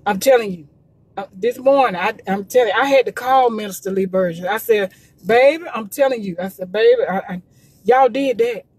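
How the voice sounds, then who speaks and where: A woman's voice: medium pitch, brisk, a little mellow, breathy edge, dry recording. A woman promoting gospel music in a casual livestream, urging listeners with emphatic, repetitive preachy calls.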